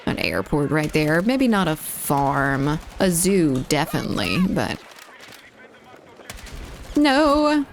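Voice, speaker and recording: A woman with a lowish voice rambles casually to her chat while she plays a shooter, breaking off mid-thought to react to enemies. A faint hum of noise sits under her voice. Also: sing-song, slow pace, long pauses. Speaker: game streamer.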